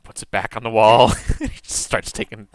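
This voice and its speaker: With a lowish voice at a normal speed, a man guides a tabletop game as its game master, describing scenes in a relaxed, rambling way and leaning on lots of fillers. The recording is dry.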